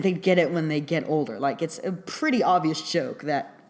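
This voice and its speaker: Low-voiced young woman rambling a film review. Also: normal speed, a little mellow. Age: young adult. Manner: chatty, rambling, many fillers and giggles. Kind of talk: casual spoken film review.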